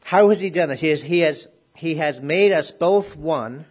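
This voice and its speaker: A man's voice: on the high side, moderate pace, a little mellow, breathy edge. A middle-aged man preaching a sermon. He asks the congregation questions and builds up to emphatic declarations.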